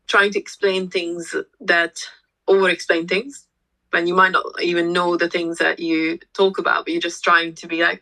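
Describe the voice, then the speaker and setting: A woman's voice: fairly low pitch, little pitch movement, moderate pace, sharp tone, poor audio. A woman yoga teacher explaining energy centres in a podcast chat, hesitant and full of restarts, livelier when she tells a story. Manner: hesitant, with frequent restarts and fillers. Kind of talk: conversational explanation.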